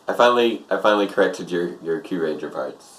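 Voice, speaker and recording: A man's voice: low-pitched, expressive, brisk, a crowd in the background. A young man co-hosting a casual chat, rambling with many fillers and restarts. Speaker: co-host.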